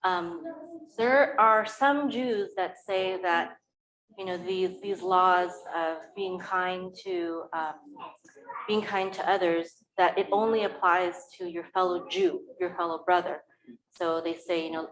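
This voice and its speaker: A woman's voice: lowish voice, steady tone, a little slow, fairly bright tone, low-quality recording. A woman sharing a teaching with her congregation, hesitant and full of fillers. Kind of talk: informal sermon talk.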